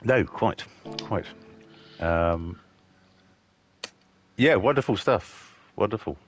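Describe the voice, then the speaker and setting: A man with a very deep, low-pitched voice, commentating a race in a loose, chatty way. He is jovial and laughs easily, bantering between remarks. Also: animated, takes it slowly, dull audio, a little hiss or hum. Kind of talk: casual live race commentary.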